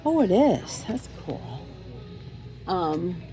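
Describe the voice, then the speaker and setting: A woman's voice: on the low side, big pitch swings, drawn-out words, music in the background. A woman vlogging as she browses a thrift store, telling a rambling story with many ums and restarts, filming on a handheld phone.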